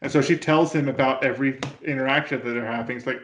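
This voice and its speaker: A man's voice: mid-range voice, fast. A man co-hosting a casual podcast, recapping an anime and often restarting his sentences. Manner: stammering restarts, animated when quoting. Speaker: podcast co-host. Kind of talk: casual anime review chat. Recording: roomy echo.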